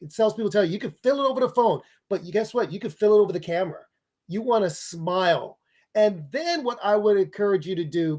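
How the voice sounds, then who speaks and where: A man who is a public speaking expert and author, giving emphatic, energetic advice in an interview. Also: high-pitched. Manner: energetic, emphatic coaching delivery.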